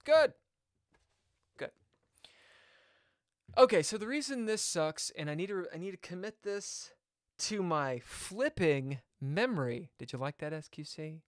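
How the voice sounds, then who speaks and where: A man's voice: a little high, animated, moderate pace, no room sound, studio quality. A man chatting casually on a live chess stream, reading viewer comments aloud and jumping from topic to topic. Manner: chatty, jumps between topics, reads chat aloud.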